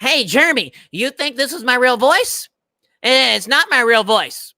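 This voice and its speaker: A man's voice: very high-pitched, expressive, measured pace, bright, forceful tone, no echo, clean studio sound, heavily acted. A man doing a mocking impression of a smug young man who taunts people online. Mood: taunting.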